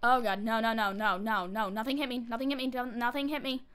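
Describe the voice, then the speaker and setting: A fairly high-pitched woman chatting her way through a game. Her talk is loose and rambling, full of fillers, and it jumps into panicky squeals and rapid repeats when trouble hits. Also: level tone, a bit bright, clear, resonant tone. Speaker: gameplay commentator. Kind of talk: casual game commentary.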